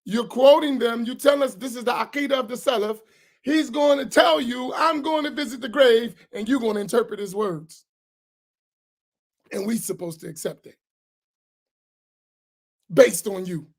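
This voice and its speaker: A man's voice: extremely high pitch, moderate pace, pauses often, a little mellow. A man, an imam, teaching a religious class in a heated, sarcastic way full of rhetorical questions. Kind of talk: heated religious lesson, argumentative.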